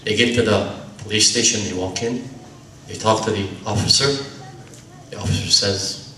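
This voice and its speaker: A man's voice: steady tone, pushed and bright. Male religious lecturer, dramatic storyteller, echoey hall with faint room hum. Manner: dramatic storytelling, slowing and dropping low at grave moments. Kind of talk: sermon storytelling. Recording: echoey hall recorded from far off.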